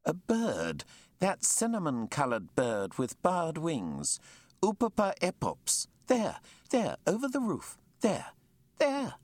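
A man voicing a learned, courteous male naturalist with formal, precise speech that turns excitable. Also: fairly low pitch, a little slow, no room sound, pitched above the performer's own voice, heavily acted. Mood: excited.

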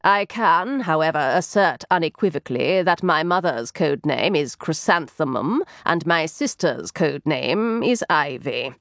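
A woman's voice: low-pitched, expressive, a little slow, vocal fry, few pauses, dry recording, exaggerated voice. Proud male detective, read by a woman, clipped and assured, dry close sound.

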